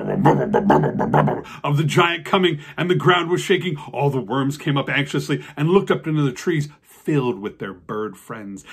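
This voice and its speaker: A man telling a children's story as a host, animated and acting out sound effects. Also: on the high side, husky.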